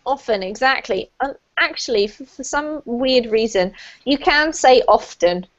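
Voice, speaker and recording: Warm, patient woman teaching online. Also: high-pitched. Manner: friendly, explains slowly, laughs often. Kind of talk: live online pronunciation class. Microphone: computer mic on a video call. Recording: dull lo-fi video call audio.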